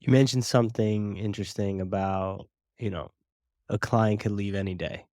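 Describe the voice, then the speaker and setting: A male podcast host with a very low, deep voice asks his guest thoughtful questions at a measured pace. The recording is close and dry, with no room sound. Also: fairly even intonation, darkish tone, no echo. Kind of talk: interview questions.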